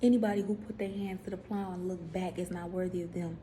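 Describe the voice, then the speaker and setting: A woman, casually preaching to viewers in a vlog, animated, repeating herself and putting questions to the audience. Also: lowish voice, quick pace, a little hiss or hum. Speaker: faith vlogger.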